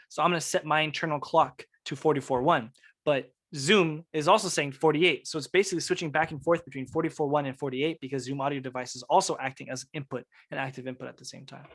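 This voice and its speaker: Laid-back man teaching music production. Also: fairly high pitch. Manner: relaxed, technical explaining with fillers. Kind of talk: casual online workshop teaching. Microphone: video call.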